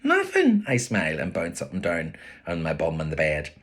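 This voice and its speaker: A man with a Belfast accent, an author reading his own novel aloud as expressive first-person storytelling. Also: very deep voice, fairly quick.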